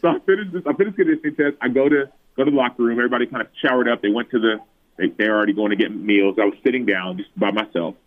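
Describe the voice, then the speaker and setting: A man in his thirties, a former football player, tells personal stories in an interview, acting out quoted lines in a higher voice. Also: very fast. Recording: tinny phone-like remote line.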